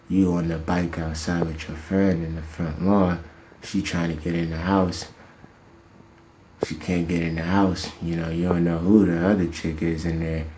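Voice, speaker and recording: A man riffing a loose comic monologue in an empty closet, self-amused and breaking into loud laughing riffs. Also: low-pitched, slight background noise.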